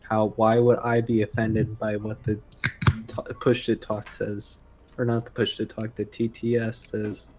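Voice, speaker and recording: A man chatting over voice chat during a multiplayer strategy game. He keeps his pitch flat and teases his friends with a joking edge. Faint noise and mouse clicks sit under his voice. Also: measured pace. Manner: joking, teasing. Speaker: host playing a strategy game. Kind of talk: casual gaming voice chat.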